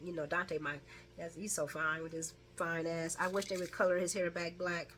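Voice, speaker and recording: Bright-voiced, sassy woman recapping a soap. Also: fairly low pitch, little pitch movement, normal speed, a little hiss or hum. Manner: chatty and sassy, breaks into laughter; talks back to the characters with slangy asides. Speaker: soap opera recap vlogger. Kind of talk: casual spoken recap.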